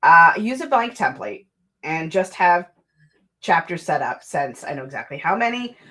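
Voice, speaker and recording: Rambling, chatty woman streamer, slightly low. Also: animated, moderate pace, a bit bright. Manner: chatty, rambling, self-deprecating. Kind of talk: casual livestream chat. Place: home desk.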